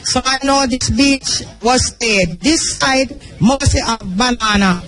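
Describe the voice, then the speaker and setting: High-voiced Jamaican woman beach vendor. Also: slow pace, fairly bright tone. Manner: grateful, plainspoken.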